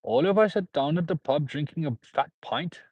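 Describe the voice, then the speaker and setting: A man's voice: on the high side, expressive, moderate pace, a little mellow, breathy edge, dry recording, voice pushed up. A man putting on a hammy Irish accent to play a boisterous coal miner telling a pub story, with a dull, dry sound. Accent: put-on Irish.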